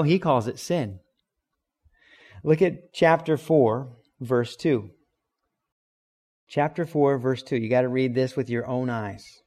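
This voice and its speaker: A man's voice: medium pitch, darkish tone. A man preaching in a conversational way, explaining scripture with everyday examples and acted-out quotes. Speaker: pastor. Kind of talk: sermon.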